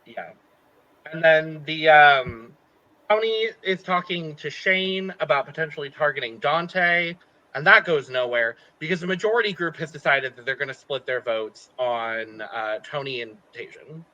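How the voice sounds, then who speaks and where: A man's voice: fairly high pitch, animated, unhurried, bright, forceful tone, dull audio. A man co-hosting a podcast, recapping a reality show in a playful, jokey casual chat. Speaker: podcast co-host.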